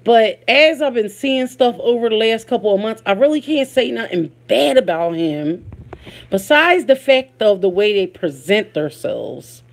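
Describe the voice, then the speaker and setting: A woman's voice: on the high side, lively intonation, a little slow. A woman with a Philadelphia accent hosting a casual live stream, chatting with viewers, greeting them by name and laughing often. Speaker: livestream host.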